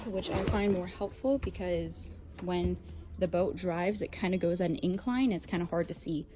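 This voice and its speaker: A woman's voice: mid-range voice, dark tone. A woman vlogger giving a casual boat walkthrough, chatty and full of fillers, a bit out of breath. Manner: chatty, filler-heavy, self-correcting.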